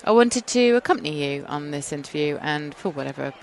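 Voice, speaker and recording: A woman bantering as a podcast co-host, her pitch bouncing lively. She is giggly and teasing, with a faint room hum behind her. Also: a little fast, vocal fry. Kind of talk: casual chat.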